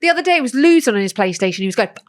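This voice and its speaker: A British woman co-hosting a podcast, telling stories in a giggly, animated way. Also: a little high, rapid-fire, no echo, studio quality. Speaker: podcast co-host. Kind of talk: casual chat.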